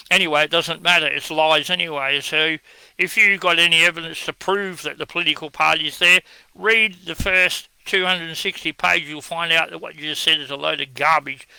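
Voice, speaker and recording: A man's voice: fairly high pitch, normal speed, creaky, sharp tone, clear, resonant tone, no room sound, low-quality recording. An Australian man speaking in a blunt, scornful way, giving a combative monologue as he answers viewer comments.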